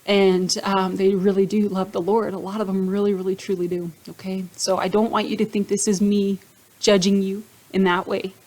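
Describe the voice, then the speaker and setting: A woman speaks to camera in a personal testimony vlog, her voice sitting at an ordinary middle pitch. She is earnest and heartfelt and keeps checking in with her viewers as she talks. She gets emotional and choked up easily. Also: level tone, normal speed, darkish tone, low-quality recording. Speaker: vlogger sharing her faith testimony.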